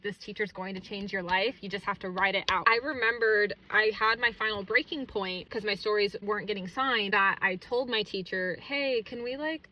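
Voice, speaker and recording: A young woman talks through a personal story on her podcast, chatty and loose, filling her sentences with little asides. Her voice sits a bit high and sounds bright and sharp. At moments she is close to tears. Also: poor audio. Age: young adult. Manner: chatty, filler-heavy, emotional and tearful at moments. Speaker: podcast host.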